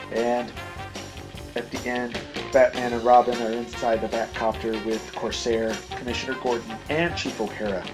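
A man's voice: mid-range voice, level tone, normal speed, music in the background, rough recording. Man casually flipping through comics. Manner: rambling, self-deprecating, with frequent fillers. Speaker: podcast host reviewing comics. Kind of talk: casual commentary.

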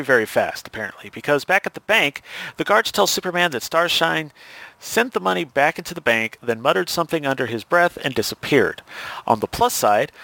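A man's voice: mid-range voice, dry recording. Man casually recapping a comic. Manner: relaxed, corrects his own slips aloud. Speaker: comic book recap host. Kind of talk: casual plot recap narration.

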